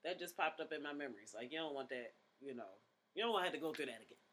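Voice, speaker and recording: Bright-voiced laid-back podcast host guy. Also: fairly high pitch, expressive, rapid-fire, breathy edge. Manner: laid-back, rambling, profane. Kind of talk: casual chat.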